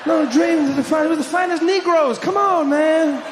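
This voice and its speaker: A man impersonating a rambling older male politician who mumbles and then shouts. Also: extremely high pitch, moderate pace, echoey room, long reverb tail, some chatter behind, slight background noise, voice pushed up. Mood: blustering.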